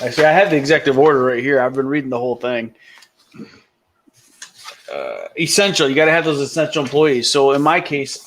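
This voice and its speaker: A middle-aged man from Michigan hosting a casual morning live chat, laid-back and rambling, often restarting his sentences. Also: medium pitch. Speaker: livestream host. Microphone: headphones and computer mic.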